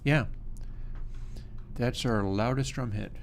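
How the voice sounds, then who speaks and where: Gravelly man musing through audio work. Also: medium pitch, slow pace, faint music behind. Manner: relaxed, musing, talks while working. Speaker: livestream host. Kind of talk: casual technical commentary.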